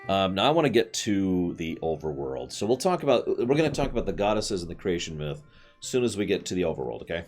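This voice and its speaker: A male streamer talks over a video game with a low voice that swings up and down with enthusiasm. He's chatty and full of opinions. Faint game music plays underneath. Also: fast. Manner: animated, chatty, opinionated asides. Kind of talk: game commentary.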